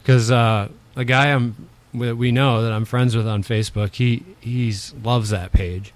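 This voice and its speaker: A man co-hosting a podcast, chatting in a relaxed way and telling his own stories. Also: medium pitch, unhurried. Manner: relaxed, laughs often, asks short questions. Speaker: podcast co-host. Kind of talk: casual chat.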